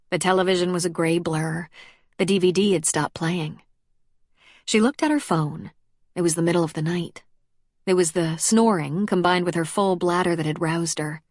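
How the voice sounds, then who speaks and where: A woman reading an audiobook in calm, measured narration. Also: on the low side, no echo, clean studio sound. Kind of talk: scripted narration.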